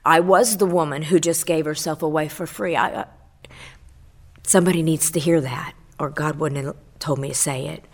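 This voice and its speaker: Quoting scripture and building to swells on key phrases, a middle-aged woman offers a fervent spoken testimony on a radio program. Her voice is low, with fairly even intonation and a normal speed.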